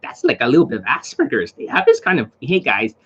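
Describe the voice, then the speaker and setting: A man mimicking a squeaky screechy young guy. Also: huge pitch swings, fast, fairly bright tone, husky, muffled recording, full character voice. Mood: mocking. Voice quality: screechy, feminine-sounding. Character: squeaky high-voiced effeminate young man.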